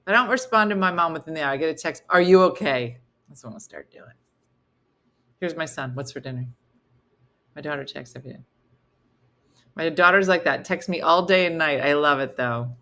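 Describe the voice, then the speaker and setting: A woman's voice: medium pitch, sharp tone. A middle-aged woman hosting a live morning comedy stream, chatty and laughing as she reads viewer comments aloud.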